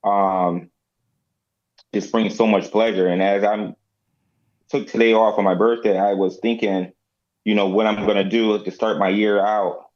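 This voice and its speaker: A man in his forties speaking reflectively and haltingly in casual talk. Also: on the low side, little pitch movement, a little mellow, lo-fi sound. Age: 40s. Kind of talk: casual chat.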